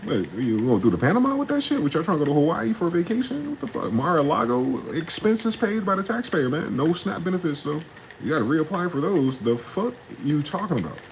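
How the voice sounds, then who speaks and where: A young man, ranting in a casual, profane solo monologue, jumping from heated questions to low muttering. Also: sing-song, a little fast, slight background noise, low-quality recording. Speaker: podcast host.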